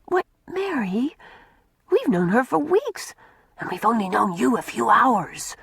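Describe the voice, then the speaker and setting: A woman reading an audiobook voices a gentle, timid young girl who speaks in soft, hushed tones. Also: a little high, huge pitch swings, normal speed, slightly rough, no room sound, clean studio sound, pitched above the performer's own voice, exaggerated voice.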